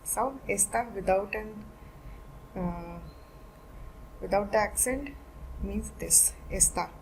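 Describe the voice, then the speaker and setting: A woman's voice: medium pitch, takes it slowly, a little mellow, slight background noise, rough recording. A woman teaching a beginner Spanish lesson, explaining each point step by step and repeating every word form twice.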